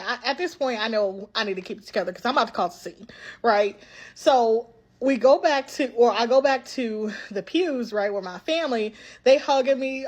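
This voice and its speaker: A young adult woman telling a personal story in a casual vlog, animated and chatty, acting out quotes and often asking "right?". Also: fairly high pitch, moderate pace.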